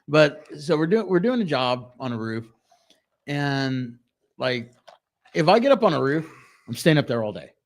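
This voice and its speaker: A man co-hosting a podcast, telling stories in casual chat with lots of swearing and halting restarts. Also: fairly high pitch. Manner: animated, profane storytelling with halting restarts. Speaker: podcast co-host.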